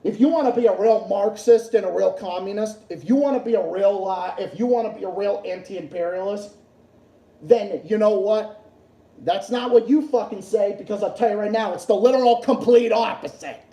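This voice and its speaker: A man's voice: sits high, moderate pace, dark tone. Furious, profane ranting man, echoey room. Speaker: livestream host. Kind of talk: angry political rant.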